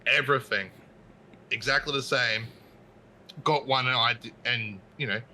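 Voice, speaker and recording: A man who is a podcast guest, telling a story in an animated, casual way with many restarts. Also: mid-range voice, moderate pace, slight background noise, poor audio.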